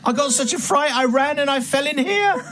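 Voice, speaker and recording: A man's voice: lively intonation, a little fast, crowd noise. A man voicing a frightened, simpering woman with a London accent. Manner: high-pitched, simpering.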